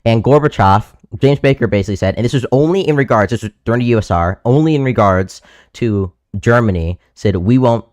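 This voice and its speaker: A man's voice: mid-range voice, a little fast, darkish tone, no room sound, clean studio sound. A young man hosting a livestream debate, pressing for evidence and protesting when he is cut off. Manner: frustrated, repeatedly asks to finish his point. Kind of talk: heated casual debate.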